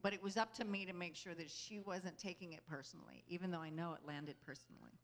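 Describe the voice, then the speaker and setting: With a fairly low pitch, fairly even intonation and a quick pace, a woman gives an inspirational talk to a group. She is a spiritual speaker whose earnest, conversational style includes frequent "you know?" check-ins and easy laughter between thoughts.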